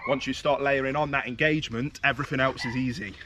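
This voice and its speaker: A British man working as a dog trainer, explaining his methods while giving firm short commands and high praise to a dog outdoors. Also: fairly even intonation, quick pace, highs cut off. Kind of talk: outdoor training demonstration with commentary. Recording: distant outdoor mic with heavy noise.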